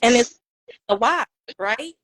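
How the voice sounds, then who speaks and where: Female podcast co-host, high-pitched, reflective, halting, dry close sound. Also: expressive, a bit bright, no room sound, rough recording. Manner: reflective, halting, laughs between thoughts. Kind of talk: casual chat.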